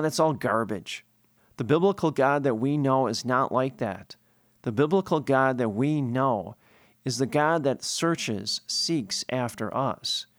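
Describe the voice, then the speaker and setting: A man's voice: medium pitch, dry recording, studio quality. A priest giving a sermon, explaining scripture earnestly and posing questions he then answers himself.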